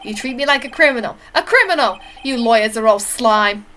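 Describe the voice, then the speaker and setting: A woman voicing a shifty, loud male murder witness who blusters and stammers defensively. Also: fairly high pitch, expressive, brisk, a little hiss or hum. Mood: blustering.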